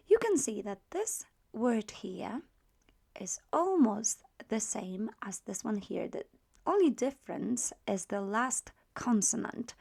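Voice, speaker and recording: A woman's voice: a little high, vocal fry, darkish tone. A woman teaching a beginner language lesson, explaining patiently and repeating words for practice. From Poland.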